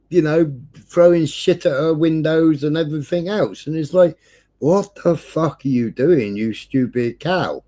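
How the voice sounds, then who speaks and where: A man, hosting a livestream and telling a neighbourhood story in casual chat, swearing nonstop with animated delivery. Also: on the high side, measured pace. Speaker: livestream host. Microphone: streaming setup.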